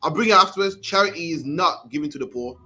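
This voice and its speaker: A young man with a Birmingham accent talks fast as he teaches a scripture class, his voice sitting a bit high for a man. He is streetwise and conversational and keeps tagging phrases with "man". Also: animated, pushed and bright. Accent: Birmingham English.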